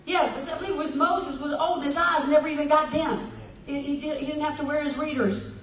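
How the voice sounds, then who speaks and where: A woman's voice: high-pitched, fairly quick, recorded from a distance. A woman pastor preaching a sermon in a folksy, storytelling way, often laughing, with the congregation answering her. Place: church hall. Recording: echoey church hall from afar. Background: congregation responses.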